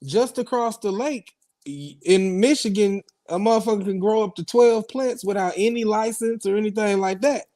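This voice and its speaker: A man's voice: high voice, moderate pace, warm tone. A man with a Milwaukee accent on a casual radio talk show, laid-back and profane, explaining with examples.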